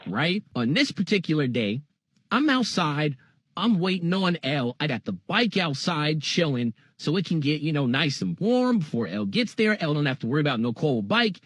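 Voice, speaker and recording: A man's voice: a little high, fairly bright tone. A man telling a funny childhood story in a casual, slangy way, with profanity and joking asides.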